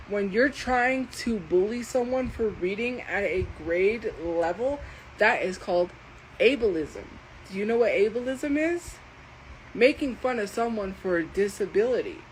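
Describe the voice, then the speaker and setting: Woman on a live stream, slow deliberate speech, defensive, mid pitch, faint background noise. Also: low-quality recording. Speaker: livestreamer. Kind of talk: live stream talking to chat.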